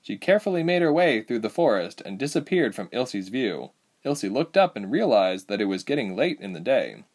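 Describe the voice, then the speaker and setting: A man narrating a chapter of a novel as an audiobook, reading in a lively, expressive way. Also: lowish voice, moderate pace.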